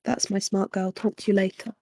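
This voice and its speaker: A woman voicing a gentle, worried father who talks to his grown daughter in a tender, gently firm way, read in her own voice. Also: mid-range voice, flat delivery, fairly quick, gravelly, no echo. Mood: coaxing.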